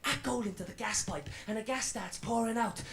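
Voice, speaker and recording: An actor voices a young comedian in his 20s with a Welsh accent, edgy and defiant, telling a swaggering routine in a radio drama. His voice is high-pitched, creaky and a bit bright, fairly quick, with a little hiss or hum.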